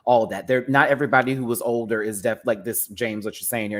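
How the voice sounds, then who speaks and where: A man ranting casually as a show reviewer, sassy and animated, laughing often and swearing freely. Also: medium pitch, fast talker, hardly any pauses. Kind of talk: casual reaction rant.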